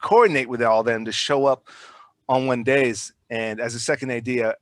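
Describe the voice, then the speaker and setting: A man's voice: mid-range voice, moderate pace, dry recording. A filmmaker guest holding forth in a casual podcast conversation. He is a man with an ordinary mid-range voice, recorded dry and close. His telling rambles and jumps, full of restarts and repeated words as he works up to each point.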